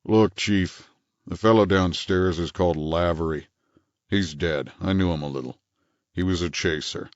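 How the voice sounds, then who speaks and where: A man's voice: low voice, very animated, a little slow, no room sound, lo-fi sound. A man voicing a lazy police detective who speaks in a heavy, bored voice.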